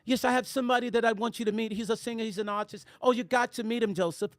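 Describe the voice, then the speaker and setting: A man voicing an eager young European woman who speaks in a breathy, gushing way. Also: very high voice, steady tone, fast, dry recording.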